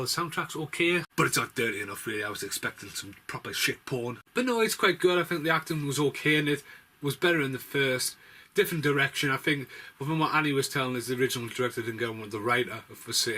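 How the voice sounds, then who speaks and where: Guy rambling about movies he watched, bright punchy voice, cusses plenty, mid pitch. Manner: rambling, swears freely. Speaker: movie reviewer. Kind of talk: casual movie review chat.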